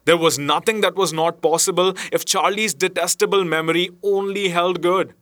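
A man reading a story aloud as narrator, in a measured storytelling manner. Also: high-pitched, steady tone, a bit bright, dry recording, studio quality. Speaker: audiobook narrator. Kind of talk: scripted narration.

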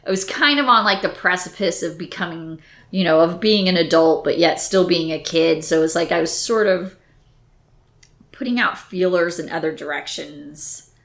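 A woman in her thirties co-hosting a podcast, chatting casually and reminiscing in a relaxed way. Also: fairly low pitch, moderate pace. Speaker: podcast co-host. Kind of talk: casual chat.

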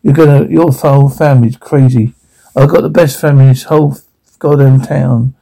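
A man's voice: medium pitch, steady tone, brisk, vocal fry, dark tone, rough recording. An actor playing a blunt, sarcastic, foul-mouthed working father in film dialogue. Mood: angry. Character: gruff, foul-mouthed blue-collar father, middle-aged.

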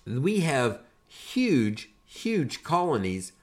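Older man, podcast host, casual storytelling, animated, conversational, average pitch. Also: extremely slow. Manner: animated, conversational, builds to punchlines. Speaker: podcast host and army veteran.

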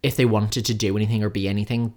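Young man, podcast co-host, rapid casual chatter with lots of "like"s and quick impressions. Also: fairly low pitch. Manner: fast, animated storytelling with many fillers and voiced impressions. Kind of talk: casual chat.

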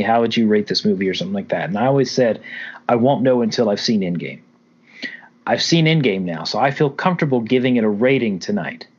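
A man co-hosting a podcast, recapping and reviewing a film in animated, casual chat with the odd swear word. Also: mid-range voice. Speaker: podcast co-host. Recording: dull lo-fi audio.

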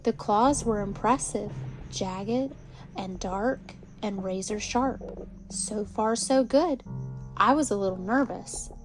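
A woman reading a children's picture book aloud in an expressive storytelling way. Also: medium pitch, slow pace, over music. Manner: expressive, lively character reading.

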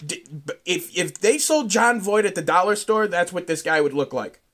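A man hosting a solo podcast, telling a profane, rambling story that climbs into loud outbursts. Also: high voice, animated, normal speed. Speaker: podcast host.

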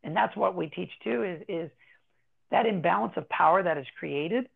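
A man talking casually as an interview guest, explaining in an animated way and acting out children's voices as he goes. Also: high-pitched, moderate pace, creaky, slightly rough. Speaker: guest, anti-bullying educator. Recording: tinny phone-like line.

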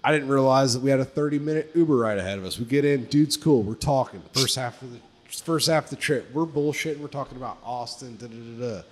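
A man of middle pitch telling a story on a casual podcast, loose and profane. He keeps saying dude, and his voice jumps way up when he acts out his own panicked lines. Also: fast. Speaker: podcast co-host.

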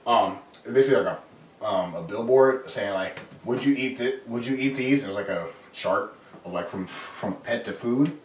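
A man's voice: medium pitch, moderate pace, darkish tone. A man in a casual chat with friends, joking crudely and laughing a lot. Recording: echoey room, from far off, faint hiss.

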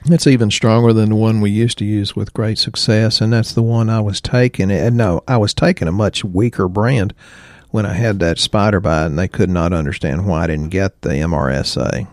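A man's voice: on the low side, steady tone, moderate pace, no echo, studio quality. A man, co-hosting a health podcast in a folksy, rambling, joking way. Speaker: podcast co-host. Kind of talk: casual health podcast chat.

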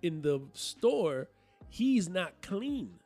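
High-voiced man arguing in casual chat. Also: extremely slow, soft background music. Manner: animated, argues his point, swears freely.

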